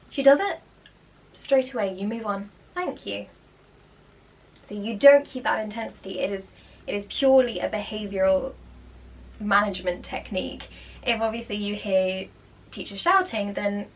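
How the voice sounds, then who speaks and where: A woman's voice: medium pitch, vocal fry. A young woman, a primary school teacher chatting casually as she reacts to a school documentary and explains teaching techniques. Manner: chatty, explanatory, animated asides.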